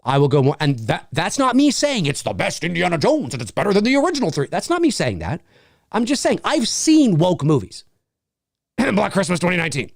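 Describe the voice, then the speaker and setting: A man's voice: high-pitched, no echo, studio quality. A man hosting a casual livestream Q&A, reading viewer comments aloud, swearing freely and laughing often. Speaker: channel host answering viewer questions.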